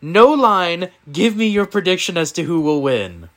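Animated man hosting a picks podcast. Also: high-pitched, moderate pace. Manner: animated, playful, running the picks. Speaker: podcast host. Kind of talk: casual sports picks podcast.

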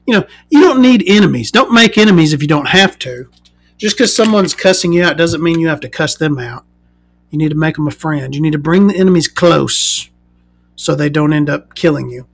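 A woman's voice: low-pitched, gravelly. A woman vlogger telling a story in a casual rant, sarcastic, profane and mocking.

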